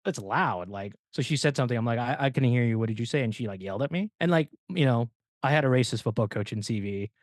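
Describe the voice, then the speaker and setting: A man in his thirties hosts a casual podcast, telling a long story with lots of asides. He slips into quick impressions of the people he talks about. His voice sits in a middle register, recorded close and dry. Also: medium pitch, no echo. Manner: animated storyteller, acts out quoted dialogue. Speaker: podcast host.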